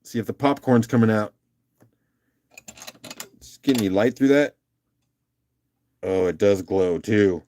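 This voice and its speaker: A man's voice: on the low side, measured pace, pauses often, warm tone, slight background noise. A man hosting a casual live-stream rock auction, upbeat and chatty, calling out bids and laughing often.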